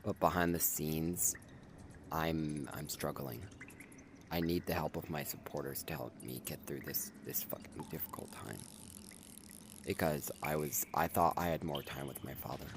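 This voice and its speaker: A young man giving an emotional personal update as a content creator, halting and sighing as he holds back tears. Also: extremely low pitch, steady tone, background noise. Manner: emotional, halting, with sighs and restarts.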